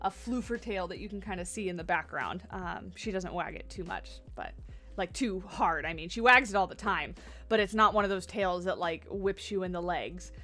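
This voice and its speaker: A woman's voice: lowish voice, moderate pace, pushed and bright, soft background music. A woman livestreaming a game from her home office, chatting casually and cooing at her dogs. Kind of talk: casual livestream commentary while playing. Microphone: USB condenser desk mic.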